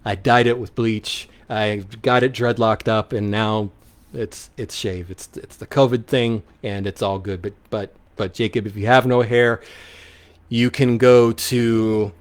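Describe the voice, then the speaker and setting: A man's voice: on the low side, fairly even intonation, unhurried. Rambling man hosting local live radio. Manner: rambling, many ums and restarts, upbeat. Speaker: local radio show host. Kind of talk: casual live radio chat reading listener questions.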